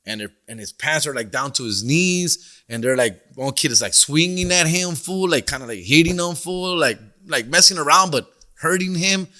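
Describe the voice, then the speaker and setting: A man's voice: on the high side, animated, moderate pace, pushed and bright. A middle-aged man, hosting a podcast and telling a story in casual slang, mixing in Spanish. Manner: slangy, peppers talk with "fool" and "dog", mixes in Spanish. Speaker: comedian podcast host.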